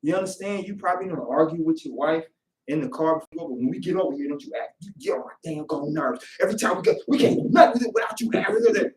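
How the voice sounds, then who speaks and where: A man preaching a sermon in casual, conversational speech, lively as he acts out voices. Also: on the high side, fast talker. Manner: animated, acts out quoted voices. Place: worship hall. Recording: echoey room, voice from far off.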